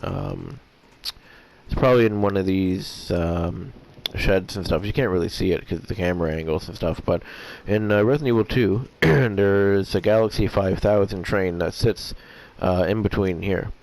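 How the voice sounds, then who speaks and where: Deep gravelly man commenting on gameplay. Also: normal speed, a little mellow. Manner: rambling, hesitant, frequent throat clearing. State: voice getting rough. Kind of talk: casual let's-play commentary.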